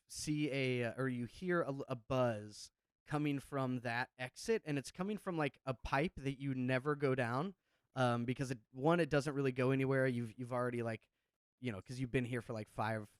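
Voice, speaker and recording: A man runs a tabletop game, narrating a scene in a loose way full of fillers and little laughs. His voice is smooth and clear, recorded dry and close with no room sound. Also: mid-range voice, no echo. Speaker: game master.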